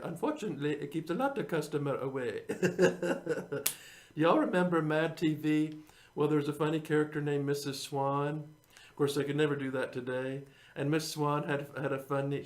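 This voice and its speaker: A man with a higher-than-usual voice who hosts his own show as a singer-songwriter. He rambles from one thought to the next in loose casual chat. He chuckles often and keeps calling his viewers folks.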